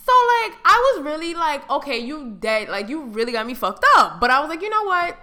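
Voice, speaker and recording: A young woman co-hosting a podcast, telling a story with lots of profanity. Her voice sits a little high and sounds bright and sharp. She moves from quiet asides to loud outbursts. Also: brisk. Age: young adult. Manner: animated, swings to loud outbursts and mock voices; heavy profanity, slangy. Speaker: podcast co-host. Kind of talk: casual storytelling chat.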